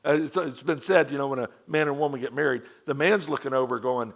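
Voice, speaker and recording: A middle-aged male pastor preaching to a men's group in a conversational, storytelling way, full of acted-out quotes and shifts in pitch and loudness. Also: fast, creaky, slight background noise.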